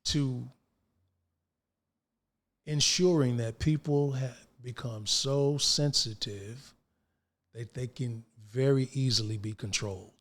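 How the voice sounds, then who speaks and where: Older guy spinning stories, slangy and lively, acts out all the quotes. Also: medium pitch, slow pace, long pauses. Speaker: actor guest. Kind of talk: casual interview storytelling.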